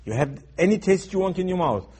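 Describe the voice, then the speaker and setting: A man teaching in a sermon style, emphatic and repetitive, acting out dialogue, going from soft asides to loud urgent stresses. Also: high voice, lively intonation, brisk, slightly rough. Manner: acts out dialogue in his teaching. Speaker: Torah teacher.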